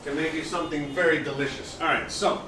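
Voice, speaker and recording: A man's voice: a little high, fairly even intonation, fast. A man hosting a casual live cooking demo, chatty and easily distracted as he talks while he works in his home kitchen. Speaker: cooking show host. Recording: roomy echo, mic far off, background noise.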